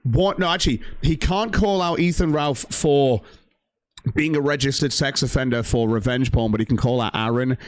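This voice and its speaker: A man's voice: medium pitch, normal speed, dry recording. A man hosting a livestream, ranting heatedly and profanely about a rival streamer and reading out viewer donations. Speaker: stream host.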